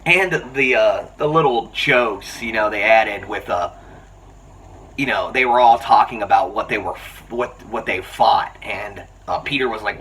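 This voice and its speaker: A man giving a casual, excited film review, chatty and full of fillers, often laughing. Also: on the low side, a little slow. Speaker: movie reviewer. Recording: voice a bit far from the mic, faint background noise.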